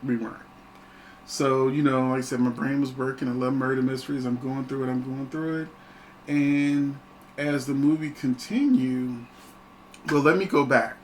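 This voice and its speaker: A man's voice: mid-range voice, fairly even intonation, moderate pace, a little hiss or hum, rough recording. A man hosting his own channel, chatting casually and animatedly through a film review, laughing often.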